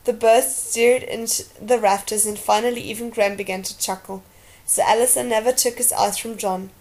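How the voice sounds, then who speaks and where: A woman reading a novel aloud as narrator, with an expressive storytelling delivery. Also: on the high side, moderate pace. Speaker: audiobook reader.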